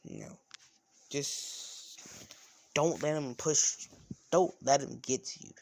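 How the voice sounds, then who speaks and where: A man voicing a calm young male hero who speaks softly and reassuringly. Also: on the high side, takes it slowly, gravelly, a little hiss or hum, exaggerated voice. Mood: comforting.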